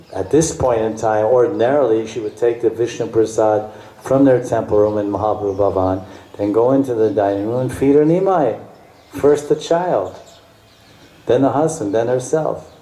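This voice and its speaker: A man's voice: lowish voice, warm tone. Emotive man telling devotional stories. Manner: emotive, repetitive, breaks into chanted song. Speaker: spiritual teacher. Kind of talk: devotional storytelling lecture. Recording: echoey room, faint background noise.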